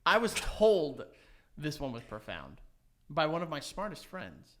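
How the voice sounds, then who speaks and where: A man's voice: a little high, measured pace, slight background noise. A man co-hosting a podcast, rambling through stories with lots of fillers and laughing as he tells them. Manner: rambling, animated, heavy on "like" fillers. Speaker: podcast co-host. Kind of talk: casual chat.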